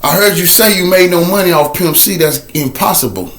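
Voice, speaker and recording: A man telling his own story in a casual, animated way, dropping to a low murmur for a repeated refrain. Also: a little fast.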